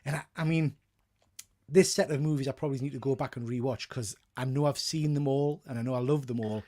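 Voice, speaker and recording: A man's voice: mid-range voice, brisk, warm tone. A man from the UK hosting a casual geek news panel on a video call, agreeing often and moving the talk on. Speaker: host. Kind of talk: casual chat.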